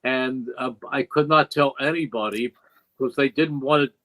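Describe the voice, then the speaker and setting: An older former play-by-play broadcaster, a longtime one, speaks at normal speed in a medium-pitched, slightly bright voice with fairly even intonation. He's a guest in a podcast studio interview, telling stories in a reflective, emotional way and quoting dialogue. The recording quality is low.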